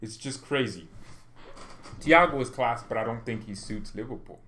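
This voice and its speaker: A man hosting a fan channel, talking casually and jokingly in rambling commentary with animated bursts. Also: mid-range voice, moderate pace, a little hiss or hum.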